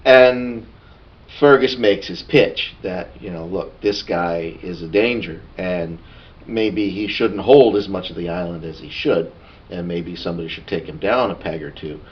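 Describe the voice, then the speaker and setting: A man with a fairly low voice talks through a tabletop game session, rambling and breaking into asides as he goes. The sound is dull and lo-fi, like an older home podcast recording. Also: measured pace. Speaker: podcast co-host. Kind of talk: casual recap of a tabletop game.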